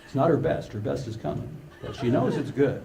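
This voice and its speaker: Gravelly older man telling stories. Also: medium pitch, a little fast, slight background noise. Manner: animated storyteller acting out dialogue. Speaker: conference speaker. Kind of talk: humorous keynote storytelling. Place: large conference hall with live audience. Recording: echoey conference hall.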